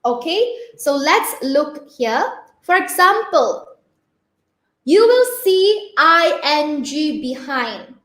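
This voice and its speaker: A high-voiced woman teaching a grammar lesson to young pupils. She speaks slowly and patiently, spells words out letter by letter, and keeps checking in with "okay?". Her voice rings in an echoey room. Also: sing-song, a bit bright. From Malaysia. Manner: peppers speech with "okay?" checks. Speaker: primary school English teacher.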